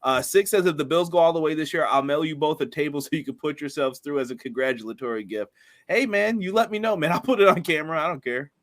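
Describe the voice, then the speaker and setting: A man's voice: on the high side, fast talker. A man co-hosting a casual wrestling review podcast, laughing often and reading out viewer comments. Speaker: podcast co-host.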